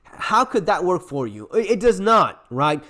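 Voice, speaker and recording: A man's voice: sits high, very animated, unhurried, sharp tone. A man hosting a survival channel, giving blunt, sarcastic commentary to camera, swearing freely and restarting his sentences as he rants. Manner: ranting, with frequent restarts.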